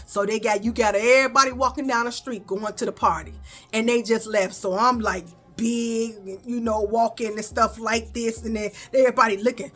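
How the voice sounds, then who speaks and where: A woman telling a childhood story in a casual, animated way, calling her viewers y'all and baby. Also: on the high side, a little fast, faint music behind. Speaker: storyteller vlogger.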